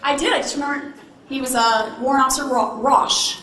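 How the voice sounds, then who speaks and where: A woman's voice: sits high, fairly even intonation, a little fast, bright, forceful tone. A woman giving a motivational keynote, telling her story theatrically and tossing playful asides to the audience. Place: large hall with audience. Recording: echoey hall, faint ambience.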